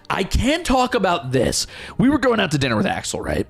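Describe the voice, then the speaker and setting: A male streamer spins a profane, excitable story for his chat. His voice is gravelly, with wide swings in pitch. Faint music plays behind him. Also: brisk.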